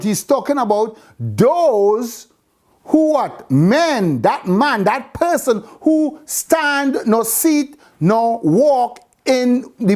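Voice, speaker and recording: A woman's voice: a little high, darkish tone. A woman teaching a Bible class, repeating phrases and quizzing her students with questions. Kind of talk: interactive scripture class.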